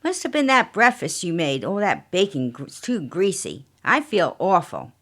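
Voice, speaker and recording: This is a bossy, complaining older wife, as a woman storyteller puts her on, pitched higher and louder than plain talk. She whines and demands, pushing every line hard like a storybook shrew. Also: very animated, normal speed. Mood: nagging.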